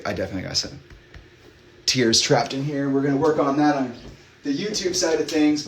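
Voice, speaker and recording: A man's voice: medium pitch, a bit bright. A man hosting a livestream, chatting openly with his viewers in a rambling way full of fillers and restarts. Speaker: livestream host. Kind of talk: candid chat with live viewers.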